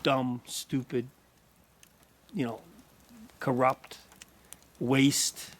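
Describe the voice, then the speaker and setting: A man's voice: mid-range voice, flat delivery, drawn-out words. Rambling Canadian man in the woods. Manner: rambling, many fillers and restarts. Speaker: guest. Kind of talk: casual outdoor chat. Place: outdoors in the woods by a campfire.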